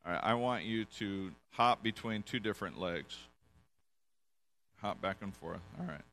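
A man preaching a casual sermon to a congregation, relaxed and joking, often restarting his sentences. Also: fairly low pitch, measured pace. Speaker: pastor. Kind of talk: casual sermon with audience volunteers. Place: church in front of a congregation.

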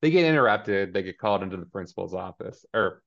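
A man's voice: low-pitched, lively intonation, fast talker, creaky, a bit bright, highs cut off. A man co-hosting a podcast, casually recapping a TV episode in a rambling style and paraphrasing the characters with lots of "like". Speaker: podcast co-host.

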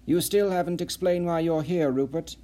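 A seasoned, shrewd spy who picks his words with dry, pointed care, as a male narrator plays him. His voice is dark and mellow, at the narrator's own everyday pitch. He sounds steady and probing. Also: normal speed, lightly acted.

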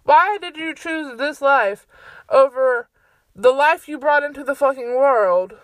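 A young adult woman hosts her own podcast from a bedroom at home, ranting in a heated, profane, exasperated way. Her high voice is a bit bright and a little slow, with no echo.

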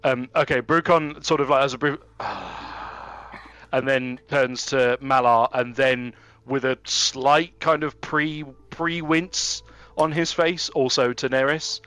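A man's voice: medium pitch, fairly even intonation, fairly bright tone, clean tone, no room sound. A man playing a tabletop game, describing his character's actions with many fillers. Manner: halting, full of fillers. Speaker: player. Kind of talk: casual tabletop play.

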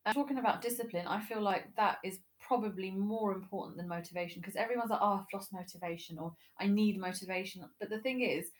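A woman's voice: medium pitch, fast, few pauses. A woman hosting a podcast, chatting casually and agreeing with her guest. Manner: conversational, agreeing, laughs easily. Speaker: podcast host. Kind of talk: casual interview chat.

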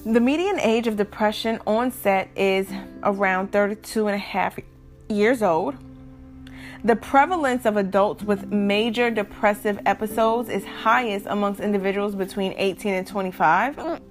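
A woman's voice: mid-range voice, moderate pace, faint music behind. A young woman talking candidly to her viewers in a casual vlog, interrupted now and then by hiccups. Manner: candid, talks straight to viewers. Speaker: vlogger. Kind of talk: casual talk to camera.

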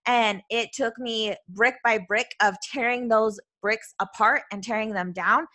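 Woman with a Utah accent, podcast host, bubbly, rapid, bright and forceful voice, higher pitch. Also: fairly even intonation. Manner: bubbly, fast-talking, says "like" and "right?" often. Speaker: podcast host and self-love coach. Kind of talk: casual solo podcast monologue.

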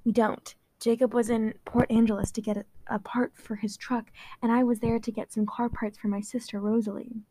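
A woman voicing a calm, gentle young gay male vampire, putting on a wobbly British accent and stumbling over the words as she reads. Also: a little high, dry recording, lightly acted. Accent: put-on British. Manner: halting, stumbling reading.

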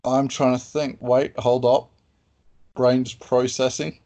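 A man's voice: medium pitch, level tone, takes it slowly, dark tone, highs cut off. A man hosting a podcast, chatting casually and often hesitating with ums while he thinks aloud. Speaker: podcast host.

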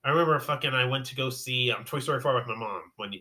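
A young man in casual chat, talking quickly with lots of "like" fillers. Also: medium pitch, bright, forceful tone.

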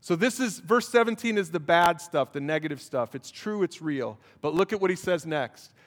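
A male pastor preaching a sermon while emotional, swinging between loud emphatic passages and hushed prayer. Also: fairly high pitch, lively intonation, normal speed. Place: church. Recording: long church hall reverb.

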